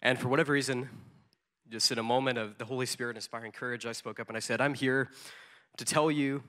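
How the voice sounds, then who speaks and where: A man's voice: mid-range voice, steady tone, fast, a bit bright. A man preaching in a storytelling way, conversational, with frequent ums and repeated words. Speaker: conference speaker. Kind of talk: storytelling sermon.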